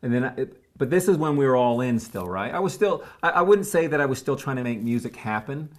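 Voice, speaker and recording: A man's voice: medium pitch, animated. A middle-aged man, a guest in a conversation, earnestly telling a personal story with frequent restarts and filler words. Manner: earnest, halting, with many restarts and "you know".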